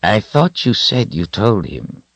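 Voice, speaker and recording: A man voicing a gruff, grumbling male wizard. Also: on the low side, big pitch swings, a little slow, no room sound, muffled recording, pitched above the performer's own voice, heavily acted.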